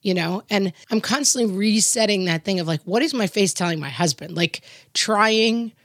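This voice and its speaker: A woman's voice: medium pitch, fairly quick, hardly any pauses, dry recording, clean studio sound. A middle-aged woman co-hosting a casual chat show, telling stories and acting out the voices she quotes. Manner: animated storyteller, acts out quoted voices. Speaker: podcast co-host.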